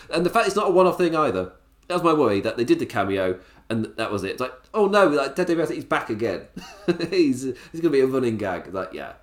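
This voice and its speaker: A man reviewing a wrestling show in a casual solo podcast, chatty, enthusiastic and quick to laugh. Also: mid-range voice, sing-song. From England.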